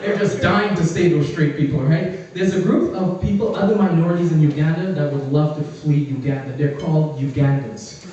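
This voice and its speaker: A man from the Caribbean doing a stand-up comedy set in a small club, brash and profane, acting out quick voices mid-joke. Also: on the high side, far from the mic, muffled recording, background noise. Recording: echoey room, mic heard from afar.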